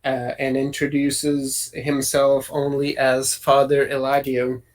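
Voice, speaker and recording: A man's voice: medium pitch, completely flat delivery, slow pace, rough recording. A man narrating a tabletop game as game master, describing scenes with a lot of hesitation and fillers. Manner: hesitant, many fillers and restarts while describing.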